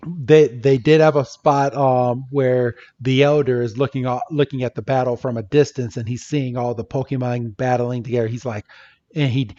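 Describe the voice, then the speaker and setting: Male podcast co-host, mid-pitched, easygoing storyteller, muffled recording. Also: warm tone. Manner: casual, playful retelling with quoted lines. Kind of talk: casual podcast recap. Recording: dull lo-fi podcast audio.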